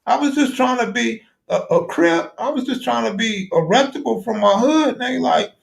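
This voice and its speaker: High-voiced man, heated and animated. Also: normal speed, gravelly. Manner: heated, animated, profane, arguing a point. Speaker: live stream host. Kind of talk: casual live-stream chat.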